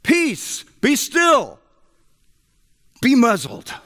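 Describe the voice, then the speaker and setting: A male preacher voicing a commanding man calling out over the wind, pitched well above the preacher's own talk and pressing hard on each word. His voice rings through an echoey hall. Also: big pitch swings, takes it slowly, creaky, heavily acted. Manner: raised, urgent declaiming. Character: commanding man calming a storm.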